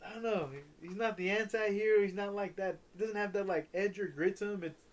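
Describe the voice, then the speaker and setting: High-voiced, rambling young man. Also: steady tone. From Southern California. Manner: rambling, profane, halting restarts. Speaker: podcast co-host. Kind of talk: casual chat.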